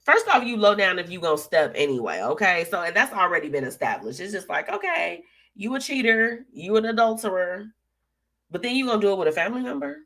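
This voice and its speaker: A woman's voice: medium pitch, very animated, fast, pushed and bright. A young woman hosting a live show, chatting casually and sassily while reading out viewer comments, with lots of slang and laughter.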